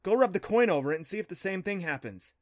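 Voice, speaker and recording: A man's voice: high voice, expressive, fast, a little mellow, no echo, studio quality, voice pushed up. A man voicing a clever, smug young girl who talks in a bossy, snappish way in a storybook. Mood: urgent.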